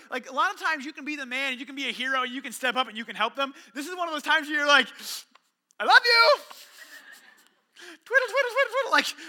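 A very high-pitched man preaches in a lively storytelling way. He acts out little dialogues, jumping from hushed lines to shouts. His tone is sharp and bright throughout. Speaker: pastor. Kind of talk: sermon.

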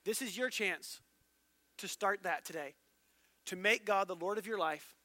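A male pastor delivering a sermon with a high, bright, forceful voice. He tells stories animatedly and acts out the people he quotes. The sound is close and dry. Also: measured pace, dry recording.

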